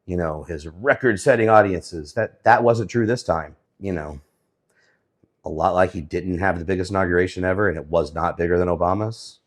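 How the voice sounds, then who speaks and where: Man, low voice, news commentary, sarcastic, hesitant, casual. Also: moderate pace. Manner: sarcastic, hesitant with many fillers.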